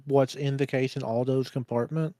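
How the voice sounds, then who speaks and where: A man's voice: medium pitch, fairly even intonation, moderate pace, warm tone, no echo. A man playing a tabletop game, talking in a hesitant way with lots of fillers. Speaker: player. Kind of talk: casual tabletop play.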